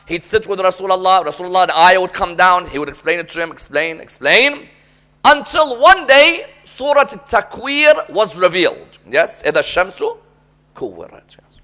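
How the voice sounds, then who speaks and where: A man's voice: high voice, animated, moderate pace, sharp tone. A man preaching a sermon as a dramatic story, often prompting the audience to respond.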